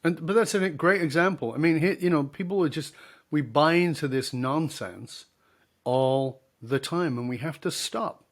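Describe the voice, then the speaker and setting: A man's voice: a little high, normal speed. A middle-aged man, a leadership speaker and podcast guest, telling stories and acting out both sides of the dialogue. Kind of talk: storytelling in a podcast interview.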